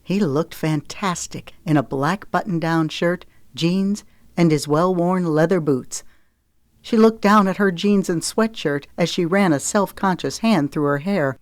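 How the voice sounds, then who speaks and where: A woman narrating a romance novel in a steady, expressive audiobook reading. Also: fairly low pitch, a little slow, dry recording, studio quality. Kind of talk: scripted narration.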